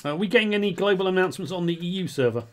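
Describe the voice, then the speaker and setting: A man's voice: high voice, expressive, rapid-fire. A man, commentating on a live online tank match as the stream host, flustered and apologetic. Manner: flustered and apologetic, self-mocking. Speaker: esports caster and streamer.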